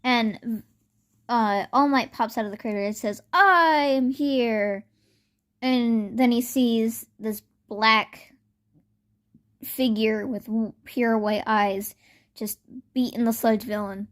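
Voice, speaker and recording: Young woman, casual spoken fan story, rambling, lots of fillers, slightly high voice. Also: level tone, takes it slowly, pauses often.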